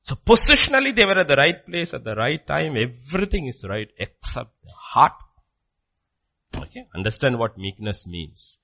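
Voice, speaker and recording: Man, preacher, sermon, very animated pitch, bright forceful tone, loud bursts and hushed asides, acts out dialogues. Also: gravelly, a little hiss or hum. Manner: dramatic swings between loud exclamations and hushed low asides; acts out dialogue with rapid questions and answers.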